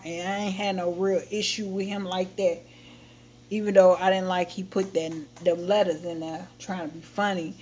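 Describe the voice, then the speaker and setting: A woman's voice: medium pitch, a little hiss or hum. Blunt, scolding woman streamer. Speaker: livestream host. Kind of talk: casual venting chat to viewers.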